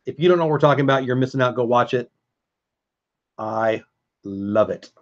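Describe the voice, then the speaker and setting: A man's voice: mid-range voice, racing, lo-fi sound. Chatty man hosting a live stream. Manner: chatty, reads and answers chat, emotional. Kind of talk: casual live-stream chat.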